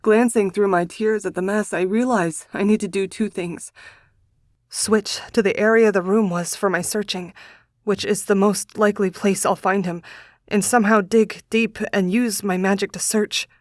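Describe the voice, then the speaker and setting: Woman narrator, audiobook, hushed emotional reading, mid pitch, dry close mic. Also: steady tone, moderate pace, no echo. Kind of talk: scripted first-person audiobook narration.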